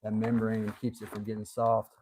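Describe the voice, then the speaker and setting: A man hosting a livestream from his workshop, chatting in a relaxed, folksy way and thinking aloud as he works on leather. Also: on the low side, normal speed, a little hiss or hum. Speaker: host of a woodworking and leathercraft channel. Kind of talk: casual livestream how-to chat. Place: home workshop.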